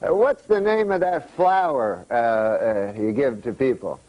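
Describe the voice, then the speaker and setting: A man's voice: medium pitch, animated, muffled recording, pitched below the performer's own voice, natural voice. A man doing a forgetful old uncle. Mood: muddled. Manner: halting, groping for words.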